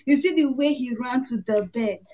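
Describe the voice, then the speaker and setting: A woman's voice: sits high, normal speed, dark tone, slight background noise. A woman with a Nigerian accent, co-hosting a casual fan podcast and swooning dramatically as she mixes in pidgin. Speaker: podcast co-host.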